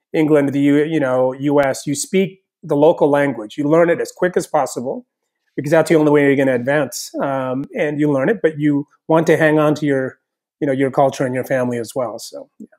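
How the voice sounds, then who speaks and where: A man from south India, raised partly in the US, talking casually as a chef and author guest on an interview podcast. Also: on the high side. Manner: relaxed, thoughtful, frequent "you know".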